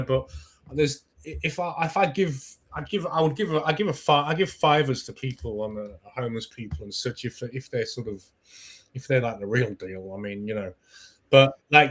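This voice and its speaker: A man hosts a relaxed online chat in a middle-pitched voice, stopping and restarting his sentences as he thinks aloud. He sounds unhurried and conversational. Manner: hesitant, full of restarts. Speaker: host. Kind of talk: casual chat.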